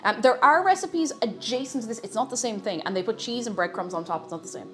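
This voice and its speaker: A woman chats casually to her live-stream audience while cooking. Her pitch swings up and down freely as she jokes, restarts and trails off mid-thought. Faint music plays underneath. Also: animated, fast talker, fairly bright tone. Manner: chatty, self-interrupting, playful.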